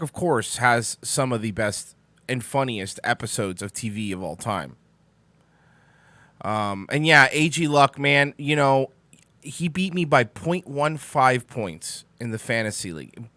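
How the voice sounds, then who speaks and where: A young man with a medium-pitched, sharp-toned voice hosts a laid-back live-streamed morning talk show, recorded with no room sound. Sleepy and yawning, he rambles sarcastically and swears while answering the chat.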